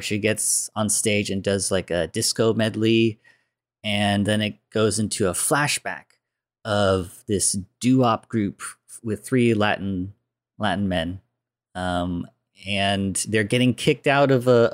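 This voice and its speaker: A man with a lowish voice talks through a movie's story in a loose, easygoing podcast chat. He fills the gaps with "like" and "uh" as he goes. The sound is dry and close, with no room around it. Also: unhurried, no echo. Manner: relaxed, chatty retelling with filler words. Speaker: podcast co-host. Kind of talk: casual film recap chat.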